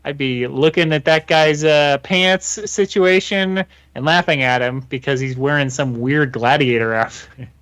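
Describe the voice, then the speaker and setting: A man's voice: fairly high pitch, a little slow, few pauses, fairly bright tone, smooth. A man co-hosting a comics podcast, telling wry rambling jokes in casual chat. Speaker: podcast co-host.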